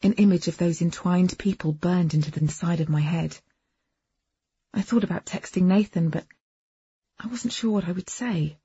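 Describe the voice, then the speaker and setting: A woman giving expressive first-person audiobook narration, on a dull, dry recording. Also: fairly low pitch, moderate pace, slightly rough, no echo.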